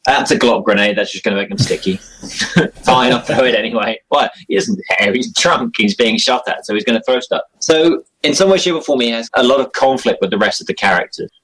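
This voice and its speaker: A man's voice: medium pitch, expressive, fairly quick, fairly bright tone, husky, low-quality recording. A young man chatting casually as an interview guest about his role-playing game character, rambling and self-deprecating with frequent chuckles. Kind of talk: casual chat.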